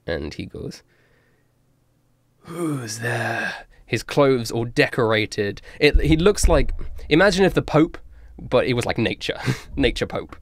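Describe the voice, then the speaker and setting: A man narrating a tabletop game as game master, slow and full of fillers. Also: medium pitch, animated, no echo. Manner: slow, filler-heavy, chuckling.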